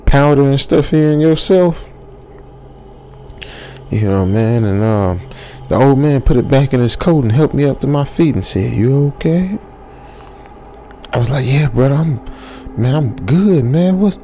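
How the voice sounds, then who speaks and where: A man's voice: mid-range voice, mellow, a little hiss or hum. A man casually telling a horror story in a rambling, chatty way, tagging his lines with "man" and laughing at his own jokes.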